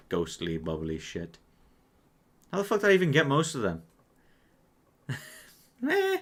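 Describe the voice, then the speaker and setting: A man's voice: mid-range voice, bright, forceful tone, a little hiss or hum. A young man playing a quiz at his computer, thinking aloud in casual, self-mocking commentary full of swearing. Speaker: quiz player. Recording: clear mouse clicks behind.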